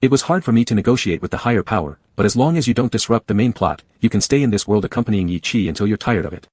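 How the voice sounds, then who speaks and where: A teasing, exasperated task system companion speaks in a comic story, done by a man reading it aloud. The voice sits low and husky. It is recorded close and dry. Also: lively intonation, very fast, a little mellow, no echo. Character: chirpy nagging task system companion, male.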